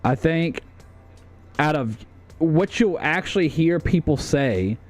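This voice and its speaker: Young male streamer, casual commentary, joking, profane, lively swinging pitch. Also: slow pace, soft background music. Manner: animated, profane, jokey.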